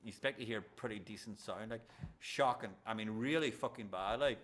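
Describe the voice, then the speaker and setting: A man's voice: fairly low pitch, a little fast, fairly bright tone. A man hosting a casual podcast, blunt and emphatic, swearing freely as he rambles through his opinions. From Ireland. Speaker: podcast host.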